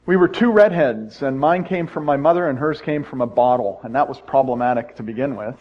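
A man's voice: medium pitch, fairly quick. A pastor in his sixties preaching a sermon to his congregation, telling personal stories in a folksy, conversational way with self-deprecating humor. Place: church sanctuary. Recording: dull, muffled sound.

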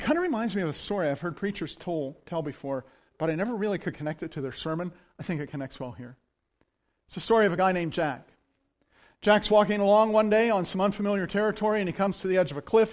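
A man preaching a sermon in a conversational, storytelling way, animated as he speaks. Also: high-pitched. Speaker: pastor.

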